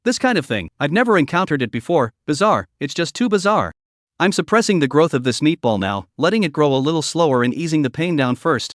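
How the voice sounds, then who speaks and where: A man's voice: on the high side, very animated, fairly quick, dry recording, studio quality. A text-to-speech male voice reading the lines of a fretful old alchemist elder who repeats himself in alarm, in a story recap. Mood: worried.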